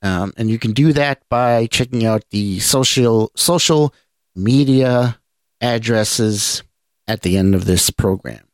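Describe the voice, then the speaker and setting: A man hosting a geek news podcast, talking in a relaxed, rambling way with restarts. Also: fairly low pitch, takes it slowly, dry recording, studio quality. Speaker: podcast host. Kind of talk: casual news roundup.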